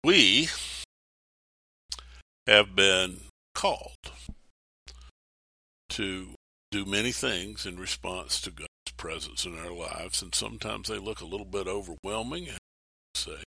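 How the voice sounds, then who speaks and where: Male pastor, sermon preview, bright forceful tone, dry close mic, animated storyteller. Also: sits low, takes it slowly, gravelly, pauses often, slightly rough, no echo. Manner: animated storytelling, acts out quoted voices.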